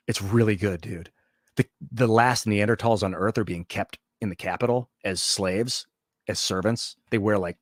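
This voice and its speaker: A man's voice: on the low side, dry recording, studio quality. A man hosting a livestream, telling a long story in a loose, profane, rambling way with many restarts. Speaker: livestream host.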